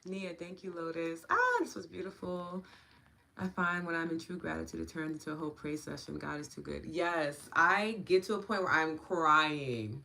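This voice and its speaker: A woman host who guides an EFT tapping session and then chats with her livestream viewers, thanking them one by one with open affection. She talks softly while guiding and more freely afterward. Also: deep voice, steady tone, moderate pace, gravelly. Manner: soft and hushed while guiding.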